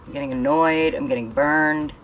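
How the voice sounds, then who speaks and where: A woman's voice: low voice, steady tone, moderate pace, a little hiss or hum. A young woman from Canada vlogging a hair tool demo, talking bluntly and venting her frustration. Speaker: beauty vlogger. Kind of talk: frustrated product demo vlog.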